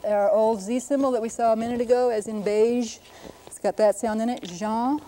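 Middle-aged woman lecturing on sounds, patient and careful, mellow voice, little bit of hiss behind. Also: a little high, steady tone, fairly quick, rough recording. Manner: patient, explanatory, demonstrates pronunciations. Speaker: linguist presenter. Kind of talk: educational lecture.

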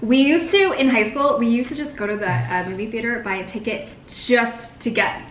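A woman's voice: fairly high pitch, fairly quick, a bit bright. A young American woman co-hosting a food video, chatting casually and laughing often as she eats. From United States. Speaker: co-host. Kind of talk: casual chat while eating. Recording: echoey room with faint noise.

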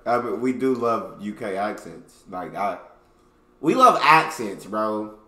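American guy, reaction vlog, crisp bright tone, roomy echo. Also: lowish voice, slow. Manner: relaxed, enthusiastic, says "bro". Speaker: reaction video host. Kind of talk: casual reaction commentary.

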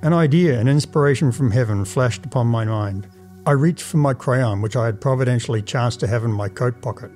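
A man reading a classic tale aloud in a measured, dramatic first-person narration. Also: medium pitch, darkish tone, soft background music. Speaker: audiobook narrator.

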